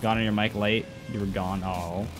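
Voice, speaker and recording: A man's voice: on the low side, steady tone, normal speed. An American man casually chatting with viewers while livestreaming a game. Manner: laid-back, chatty, reads chat aloud. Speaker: game streamer. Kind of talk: casual gaming livestream chat. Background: game music.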